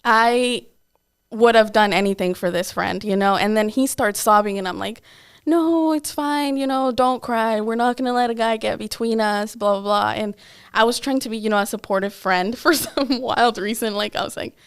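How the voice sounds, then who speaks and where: A young woman chats candidly on a podcast and tells a personal story, acting out what people said along the way. Her voice is smooth and clear, and it sits at a middle pitch. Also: fairly even intonation, moderate pace. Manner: candid, lots of "like" and quoted asides. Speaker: podcast co-host. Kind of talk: casual storytelling chat.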